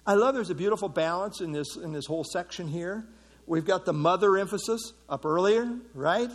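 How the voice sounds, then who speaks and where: Middle aged guy teaching bible study, bit higher voice, husky, lots of uh and you know. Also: moderate pace. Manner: conversational, many fillers and restarts.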